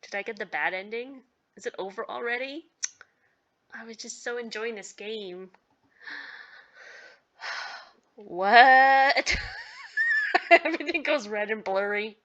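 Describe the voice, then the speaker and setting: A woman streamer giving casual let's-play commentary with giggly, animated reactions. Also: mid-range voice, normal speed, lo-fi sound. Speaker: gaming streamer.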